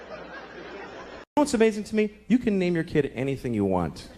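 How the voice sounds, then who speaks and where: A man's voice: sits high, huge pitch swings, normal speed, long pauses. A man in his thirties doing a stand-up comedy set, profane and exasperated, acting out voices as he goes, with audience laughter on a live stage mic. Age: 30s. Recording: live club set with crowd laughter and noise.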